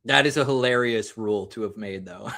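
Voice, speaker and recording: A man's voice: lowish voice, a little fast, gravelly, sharp tone. Joking American man hosting a live stream. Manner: joking, rambling, self-mocking. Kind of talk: casual live-stream chat while drinking.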